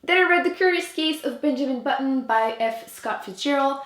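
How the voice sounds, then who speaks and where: A young French Canadian woman talks through her month's reading in a chatty, casual way, leaning on "like" as she goes. Her voice sits a little high, and the room around her has a noticeable echo. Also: a little fast, a bit bright. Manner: chatty, many "like" fillers. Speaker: book vlogger. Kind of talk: casual book review. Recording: echoey room.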